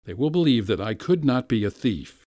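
A man's voice: mid-range voice, big pitch swings, moderate pace, dark tone, dry recording, studio quality, lightly acted. A man reading a story aloud, voicing a frightened, tearful young governess. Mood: anxious. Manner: trembling, tearful pleading.

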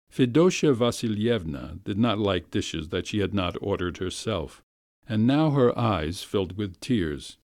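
A man narrating a classic story with a measured, expressive reading. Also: fairly low pitch, dry recording, studio quality.

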